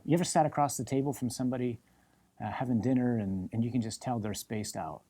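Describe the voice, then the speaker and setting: A man, a priest, preaching a sermon, stacking repeated phrases for emphasis and sinking to a soft, intimate tone for the calls he voices. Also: medium pitch, fast. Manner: drops to soft, intimate tone when voicing God's call.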